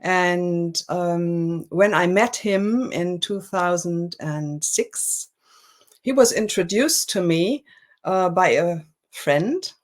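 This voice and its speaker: A woman with a German accent, a guest in an interview over a video call, speaking warmly and laughing often. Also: lowish voice, slow. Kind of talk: interview conversation. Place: home in France.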